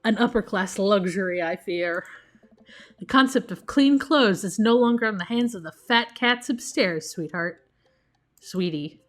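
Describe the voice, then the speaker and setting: A woman voicing a warm, corny middle-aged single dad in a video game, with dorky jokes and a mock announcer tone. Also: medium pitch, unhurried, faint music behind, lightly acted. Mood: goofy.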